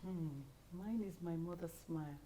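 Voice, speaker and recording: A woman's voice: fairly low pitch, normal speed, dark tone, slight background noise, low-quality recording. A woman earnestly sharing memories in a group conversation, often repeating herself. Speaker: bereaved daughter.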